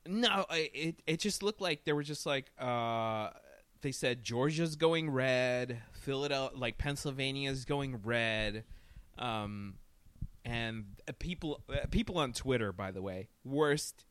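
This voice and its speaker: A man co-hosting a casual podcast, telling stories in an animated, profane way. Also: mid-range voice, takes it slowly, dry recording. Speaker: podcast co-host.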